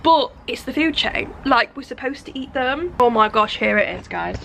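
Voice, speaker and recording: A woman's voice: high-pitched, expressive, moderate pace, creaky, fairly bright tone, slight background noise. A woman, chatting bubbly and casually in a vlog, with giggly asides. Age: 20s. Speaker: vlogger. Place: large indoor shopping centre. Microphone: phone held at arm's length.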